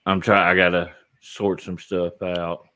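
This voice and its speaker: A man co-hosting a casual talk show, speaking in a slow, halting and distracted way. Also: low-pitched, flat delivery, pushed and bright, dry recording. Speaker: podcast co-host. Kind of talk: casual chat.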